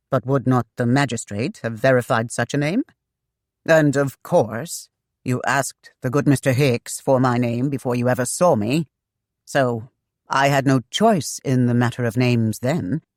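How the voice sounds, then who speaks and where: A narrator voicing a charming young man who answers with easy, wry calm. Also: medium pitch, measured pace, dry recording, clean studio sound, close to an everyday voice. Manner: lazy, wry.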